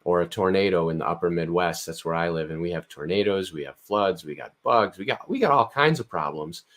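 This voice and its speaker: Man, low voice, calm, explanatory, casual podcast chat, restarts mid-sentence. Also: fairly quick. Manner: calm, explanatory, repeats words when restarting. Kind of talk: casual conversation.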